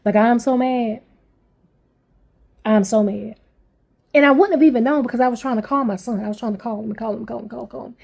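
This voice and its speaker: A woman's voice: on the high side, fairly even intonation, racing, vocal fry, few pauses, a little mellow, slightly rough. A woman in her forties venting angrily to camera as a parent, blunt, swearing heavily and repeating herself. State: angry. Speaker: parent vlogger.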